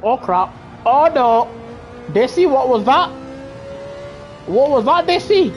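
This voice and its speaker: A woman doing live racing gameplay commentary, excitable and trash-talking other drivers, bursting into shouts. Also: high-pitched, slow, a little hiss or hum. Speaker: gaming streamer.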